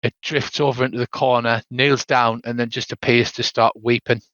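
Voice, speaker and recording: Older British game master narrating a spooky tabletop adventure, dry and slightly muffled call audio. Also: male voice, medium pitch, flat delivery, moderate pace, fairly bright tone, dry recording.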